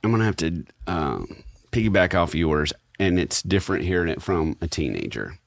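A man's voice: sits low, animated, normal speed, creaky, dry recording, studio quality. A man in his forties hosting a casual podcast discussion, steering the talk as a thoughtful storyteller. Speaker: host.

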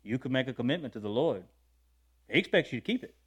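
A male preacher telling stories in a sermon in a folksy, conversational way, swinging between loud and quiet and often laughing. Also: medium pitch, fast, breathy edge. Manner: lively storytelling with wide swings in loudness and frequent laughter. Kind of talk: storytelling sermon.

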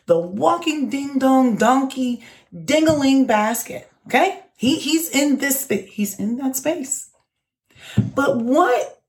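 A young woman casually telling an exasperated workplace story to her channel, acting out the voices of the people in it. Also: medium pitch. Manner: animated, exasperated, acts out quoted voices.

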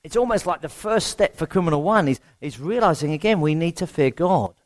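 Male preacher, slightly high voice, chatty sermon delivery with self-mocking asides. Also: expressive, a little fast. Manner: rhetorical questions, self-deprecating humour. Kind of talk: conversational sermon.

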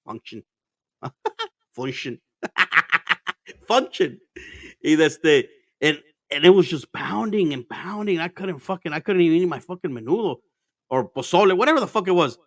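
A man's voice: on the high side, animated, a little fast, no echo, clean studio sound. A man telling stories in casual chat as a podcast host, laid-back and profane, laughing often and mixing Spanish into his English.

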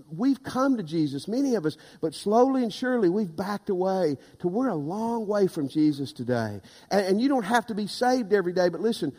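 A man preaching a sermon as pastor, building to loud, emphatic passages. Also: sits high, long reverb tail.

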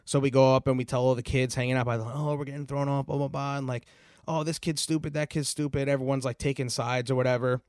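A man's voice: medium pitch, steady tone, fast talker, a little mellow, no echo, studio quality. A young man hosting a podcast, telling a long personal story in a rambling, casual way, full of fillers and swearing. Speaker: podcast host.

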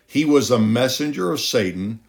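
Middle-aged guy preaching, medium pitch, punchy and emphatic, lots of questions to the crowd. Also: expressive, moderate pace. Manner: emphatic, rhetorical questions, pitch rising on key lines. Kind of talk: sermon.

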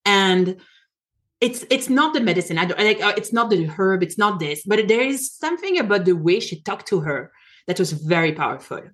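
A woman in her forties, a physician, tells a personal story in conversation, animated, laughing often and correcting herself mid-sentence. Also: medium pitch, moderate pace. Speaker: physician guest, rheumatologist.

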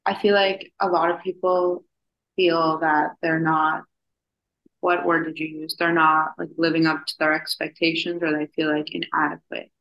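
A young woman co-hosting a podcast, rambling casually with lots of "like" and animated storytelling. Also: low-pitched, normal speed, lo-fi sound. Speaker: podcast co-host. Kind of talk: casual chat.

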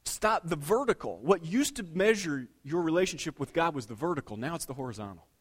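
A middle-aged man preaching a sermon as pastor, telling everyday stories and swinging between hushed remarks and loud, emphatic lines. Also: a little high, big pitch swings, fairly quick, husky.

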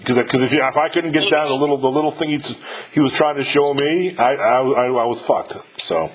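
Over poor audio, a mid-range, brisk male voice carries a casual podcast chat with a musician guest. The middle-aged host swears freely and keeps restarting, peppering his talk with fillers.

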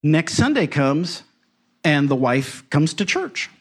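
A middle-aged man, a pastor, telling a story in a folksy, animated way with wry asides. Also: a little high, slow, breathy edge. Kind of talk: storytelling sermon.

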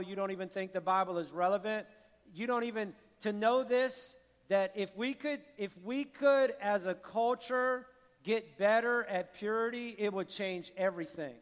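High-pitched pastor guy preaching, earnest, repeats himself, big churchy echo. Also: clear, resonant tone. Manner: earnest, repeats words, builds to forceful preaching. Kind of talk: sermon. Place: church sanctuary. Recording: long hall reverb.

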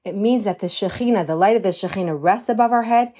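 A woman giving a religious lesson, telling a parable in an animated way and slowing down to stress key points. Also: medium pitch. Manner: animated storytelling, slows for emphasis. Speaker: religious teacher.

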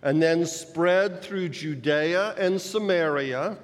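A man delivers a sermon in a slightly high voice, unhurried and deliberate as he explains the passage point by point. His words ring out with the long reverb of a large church hall. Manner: measured, explanatory preaching with rhetorical emphasis. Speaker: preacher.

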